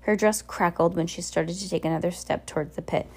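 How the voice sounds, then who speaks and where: Woman audiobook narrator, dark mellow tone, steady read. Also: lowish voice, a little fast, breathy edge. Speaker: audiobook reader.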